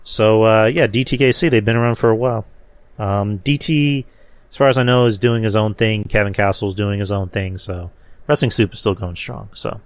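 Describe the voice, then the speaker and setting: A young male podcast host with a fairly low voice, chatting casually. He rambles and restarts his sentences often. The sound is close and dry, with no room echo. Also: fairly even intonation, normal speed, clear, resonant tone. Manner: rambling, many fillers and restarts.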